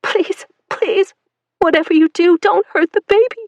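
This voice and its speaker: A woman voicing a terrified young mother pleading for her baby in high, frantic, sobbing cries. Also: measured pace, a little mellow, no room sound, dull audio. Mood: panicked.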